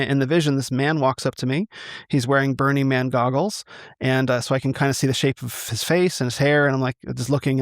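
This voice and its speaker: A man from the United States tells his personal story to an interviewer over a call. He halts and restarts often and fills pauses with ums. His voice sits in a middle pitch and sounds dry and close. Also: dry recording. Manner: halting, many restarts and fillers. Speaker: interview guest. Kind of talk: conversational testimony.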